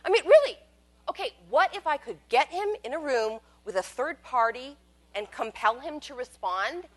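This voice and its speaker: A woman telling a personal story as a monologue, wry and candid, swinging between loud bursts and hushed asides. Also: high-pitched, lively intonation, normal speed.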